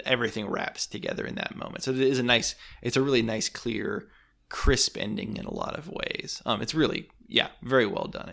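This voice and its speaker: A man's voice: on the low side, gravelly, fairly bright tone. A man hosting a podcast, discussing a book with enthusiasm and then wrapping up the episode and announcing the next one. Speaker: podcast host.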